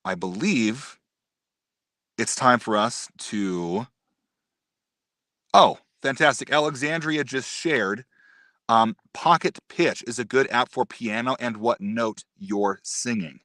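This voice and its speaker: A man teaching voice technique on a live stream, explaining patiently and demonstrating pitch and resonance himself. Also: measured pace, a bit bright, no echo, studio quality. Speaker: voice acting teacher.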